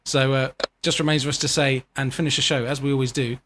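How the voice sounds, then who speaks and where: A man's voice: medium pitch, flat delivery, quick pace, fairly bright tone, a little hiss or hum. A man hosting a casual podcast over a video call, laughing often and swearing casually as he chats with guests. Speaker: podcast host.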